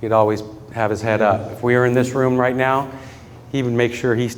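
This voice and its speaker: At a funeral gathering with mourners in a large hall, a man speaks briskly in a steady, medium-pitched voice. His eulogy for his father is earnest, full of personal stories and frequent bursts of laughter.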